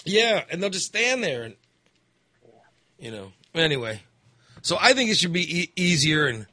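A man's voice: fairly high pitch, big pitch swings, normal speed, bright, forceful tone, no room sound, studio quality. A man hosting a call-in radio chat, rambling and acting out angry voters. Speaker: radio host.

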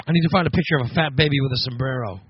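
A middle-aged American man hosting a casual comedy podcast, rambling and sarcastic, now and then breaking into loud mocking voices. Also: medium pitch, very fast, muffled recording, slight background noise. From United States. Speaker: podcast host.

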